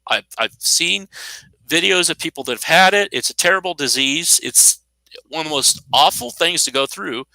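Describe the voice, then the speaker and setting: A man's voice: a little high, animated, normal speed, vocal fry, bright, forceful tone, no room sound, low-quality recording. A man in his fifties giving an unscripted, indignant monologue, sarcastic and rambling, with frequent restarts. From United States. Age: 50s. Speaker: commentator.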